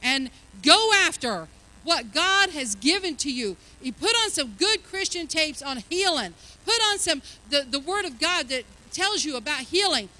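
An older woman preaching a sermon, building from chatty asides to fervent, loud exhortation. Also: high voice, very animated, poor audio. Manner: fervent, rising to loud exhortation, drawn-out emphasis.

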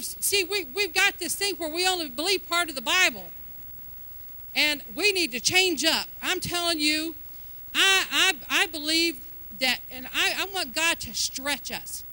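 Woman preacher, high and piercing, emphatic and folksy, questions the congregation. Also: sharp tone. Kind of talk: sermon.

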